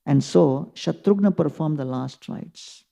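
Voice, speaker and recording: A man's voice: fairly high pitch, measured pace, creaky, mellow. A man giving a scripture class as a sermon, telling the story earnestly with emphatic rises. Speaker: preacher.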